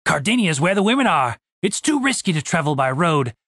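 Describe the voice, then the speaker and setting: A man's voice: fairly high pitch, sing-song, a little fast, a bit bright, no echo, exaggerated voice. Brief: curt, sly half-elf rogue in an audiobook, read by a man, dry close sound. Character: cocky ruthless male half-elf fighter.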